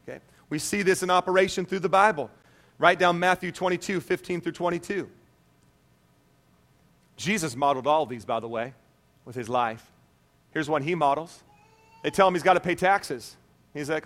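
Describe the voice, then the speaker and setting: A male pastor delivers a lively, conversational sermon. His voice sits a little high, and he keeps checking in with the congregation. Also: a little fast, pauses often. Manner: animated, conversational preaching with frequent "okay?".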